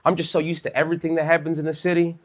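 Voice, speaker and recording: A man's voice: fairly high pitch, completely flat delivery, rapid-fire. A man in his thirties from Chicago doing a loose, conversational stand-up set on a comedy club stage, dropping "like" and "bro" throughout. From Chicago, USA. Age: 30s.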